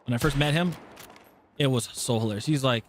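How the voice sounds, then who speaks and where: A man's voice: mid-range voice, fairly quick, slight background noise. A man from California with a slight Southern twang, chatting casually on a live stream while he plays, telling rambling stories and cutting himself off mid-sentence. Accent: American with a slight Southern twang. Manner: rambling, self-interrupting storytelling.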